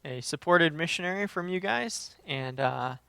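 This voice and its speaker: Bright-voiced man giving a devotional. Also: on the high side, lively intonation, normal speed, creaky, smooth, dry recording. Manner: earnest, conversational, with frequent "uh" fillers. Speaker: missionary. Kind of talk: short video devotional.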